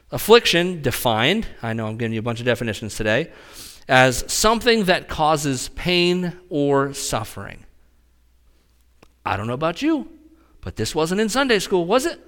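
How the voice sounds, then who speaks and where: A man preaching a conversational sermon as a pastor, talking straight to his congregation in an animated way. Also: mid-range voice.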